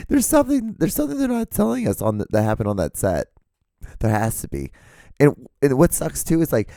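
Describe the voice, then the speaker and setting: A man hosting his own show in a casual, rambling monologue, with a hoarse, cracking voice. He swears freely and his voice jumps high when he gets worked up. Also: no room sound, studio quality. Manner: profane, excitable, voice jumps high when ranting. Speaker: podcast host. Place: home setup with lights and camera. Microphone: studio microphone.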